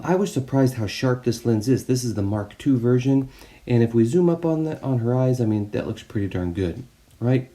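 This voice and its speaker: Man, lowish voice, mellow tone, quick casual review, opinionated. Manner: brisk, opinionated walkthrough. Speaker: photography video host. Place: indoors at a tablet.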